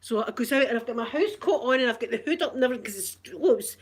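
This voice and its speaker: A middle-aged Scottish woman with a Glasgow accent vlogs from her living room, telling an indignant story to camera and laughing along. Her voice is on the high side, rapid-fire and lively in intonation, with a little hiss or hum in the recording.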